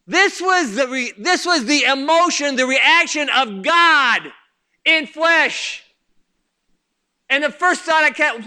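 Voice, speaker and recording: A man preaching a sermon as pastor, impassioned, swinging between loud outbursts and quiet asides. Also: very high-pitched, moderate pace.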